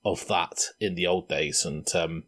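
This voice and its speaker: Husky-voiced man rambling through stories. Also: low voice, a little slow. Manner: rambling, animated storyteller. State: tipsy. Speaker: podcast host. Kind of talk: casual chat.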